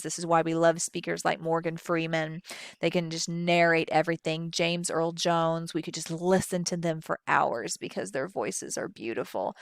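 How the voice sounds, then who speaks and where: A woman's voice: lowish voice, moderate pace, no room sound, clean studio sound. A woman with a Southern US accent teaching public speaking in a recorded lecture, moving her voice up and down to show each technique. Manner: expressive, demonstrates vocal techniques.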